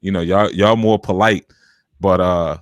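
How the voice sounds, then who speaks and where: A man's voice: low-pitched, steady tone, a little slow, no room sound, studio quality. A man hosting a live call-in spiritual advice show, talking in a streetwise, preachy, colloquial way. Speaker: radio show host and spiritual teacher.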